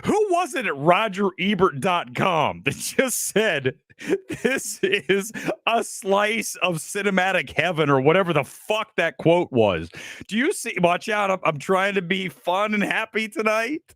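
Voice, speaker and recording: A man's voice: high voice, big pitch swings, unhurried, fairly bright tone, dry recording, studio quality. A man hosting a livestreamed movie review, ranting angrily and swearing a lot as he tears into a film. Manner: angry, profane and exasperated. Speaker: film reviewer and show host.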